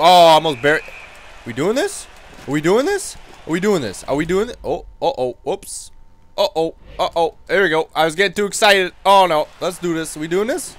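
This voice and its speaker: A man doing loud, taunting gameplay commentary, trash-talking in character as his hockey player. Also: on the high side. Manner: loud, taunting, animated and jokey. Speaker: gamer.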